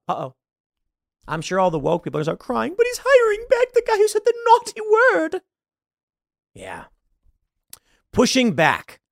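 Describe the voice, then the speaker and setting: Male commentary host: lively, rangy delivery, acts out quoted voices, dry close recording. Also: fairly high pitch, dry recording. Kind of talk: solo commentary.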